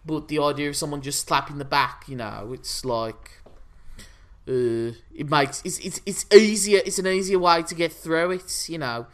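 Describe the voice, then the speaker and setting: A man's voice: a little high, moderate pace, a bit bright. An opinionated, teasing man from England co-hosting a casual wrestling chat show, rambling through his points. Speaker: podcast co-host.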